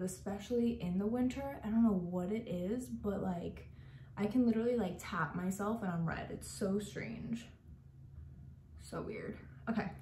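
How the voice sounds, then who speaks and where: A woman's voice: medium pitch, dark tone, slight background noise. Young woman makeup artist rambling thru a tutorial, lots of "like", medium voice, roomy echo. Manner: chatty and gushing, heavy use of "like". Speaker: makeup artist and beauty vlogger. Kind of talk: casual makeup tutorial talk. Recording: echoey room.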